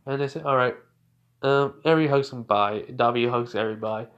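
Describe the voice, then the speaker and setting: A man at an ordinary, middle pitch tells a story in a loose, unscripted way. He rambles and restarts, and he leans again and again on fillers like "basically" and "you know". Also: moderate pace, fairly bright tone, highs cut off.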